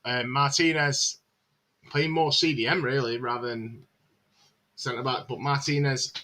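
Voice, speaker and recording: A man's voice: medium pitch, fairly even intonation, measured pace, bright, forceful tone. A man hosting a live match watchalong stream, chatting casually, calling the play and answering viewer comments with frequent filler words.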